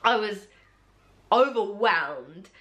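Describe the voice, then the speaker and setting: A woman's voice: drawn-out words, very noisy. A young woman, casually telling a personal story to camera and acting out what people said. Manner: animated, acts out quotes in a jumpy high voice. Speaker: vlogger.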